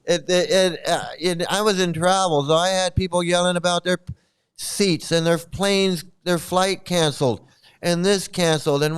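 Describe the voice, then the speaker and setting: A middle-aged man rambles through casual commentary, repeating himself, cursing and laughing at his own stories. His voice sits high for a man and comes through smooth and clear. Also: steady tone, normal speed. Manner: rambling, laughs often, swears, stammers. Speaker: channel host commenting on a cult.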